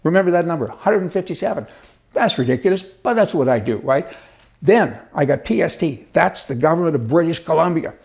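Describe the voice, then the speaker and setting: A man's voice: fairly high pitch, animated, brisk, creaky, darkish tone. A man delivering a casual, sarcastic, exasperated monologue with chuckling asides. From Canada. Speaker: commentator.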